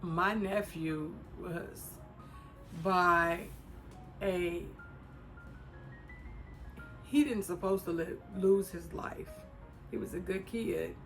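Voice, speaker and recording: A woman from Chicago speaks in a lowish voice, casually addressing her viewers in a personal vlog. She is emotional and fighting back tears as she talks. Soft music plays faintly beneath her voice. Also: fairly even intonation, very slow, pauses often. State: close to tears. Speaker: vlogger. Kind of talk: casual personal talk to camera.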